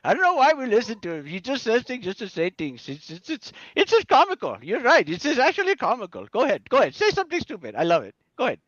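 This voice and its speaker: A man's voice: extremely high pitch, huge pitch swings, fast talker, hardly any pauses, a bit bright, dry recording, muffled recording. A man in casual chat who teases his partner in joking banter over an online call.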